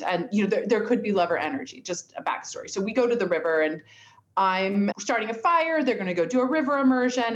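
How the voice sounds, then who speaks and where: A woman telling a personal story in an earnest, heartfelt way, with many fillers. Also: medium pitch. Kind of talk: reflective storytelling. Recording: dull lo-fi sound.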